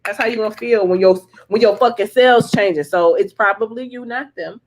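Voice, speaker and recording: A woman's voice: medium pitch, a little fast, a little hiss or hum. A woman giving a casual tarot reading on a livestream, rambling and profane, laughing often and repeating herself for emphasis. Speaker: tarot reader.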